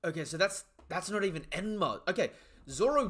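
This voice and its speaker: A man giving excited, profanity-laden live commentary while reading through a comic chapter and chatting to viewers. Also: sits high, brisk. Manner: excitable, swears freely; reads the panels aloud as he goes. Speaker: live reaction streamer. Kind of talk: casual live reaction commentary.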